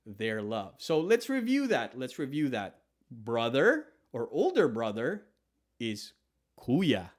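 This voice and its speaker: Man teaching a language lesson. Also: medium pitch. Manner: animated, demonstrating phrases with soft deferential repetition.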